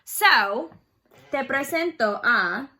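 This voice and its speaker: A woman's voice: sits high, expressive, slow, sharp tone. A woman teaching a beginner Spanish lesson online, explaining phrases patiently and leading repeat-after-me drills.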